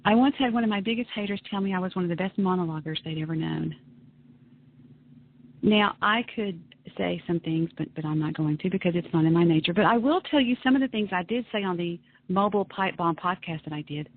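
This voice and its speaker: A woman's voice: on the low side, a little fast, a little hiss or hum. Woman ranting over a tinny line. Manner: emphatic, ranting, self-dramatizing. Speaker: talk radio host. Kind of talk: casual monologue on internet radio. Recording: tinny phone-line radio broadcast.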